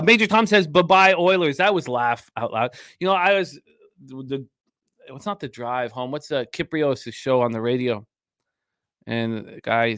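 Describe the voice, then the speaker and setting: A man's voice: medium pitch, a bit bright, dry recording, studio quality. A man hosting a sports betting radio show, talking energetically, rambling and throwing in crude jokes.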